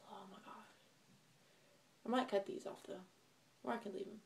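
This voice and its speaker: A woman's voice: medium pitch, fairly even intonation, normal speed, vocal fry, slight background noise. A young woman vlogging in a casual, chatty way, talking straight to her viewers. Her delivery is bubbly and gushing, and she rambles from one thought to the next. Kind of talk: casual chat to camera.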